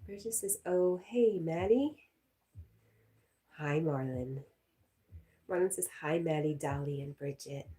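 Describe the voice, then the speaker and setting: A woman's voice: deep voice, slow, pauses often, dark tone. A woman hosting a casual live stream, reading viewer comments aloud and chatting with a laugh.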